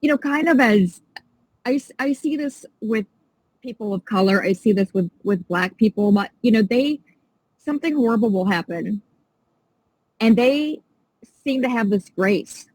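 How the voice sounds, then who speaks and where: A woman's voice: a little high, animated, moderate pace, pauses often, darkish tone, dry recording, low-quality recording. A woman guest on a podcast, talking in a passionate, indignant and emphatic way in a casual interview.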